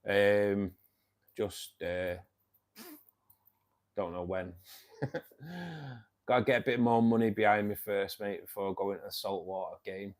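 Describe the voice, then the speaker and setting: This Mancunian fishkeeping host in his fifties talks unhurriedly to his livestream viewers, leaving long pauses. His voice is lowish and darkish with fairly even intonation, and he's matey throughout, repeatedly saying "mate" in his Manchester accent.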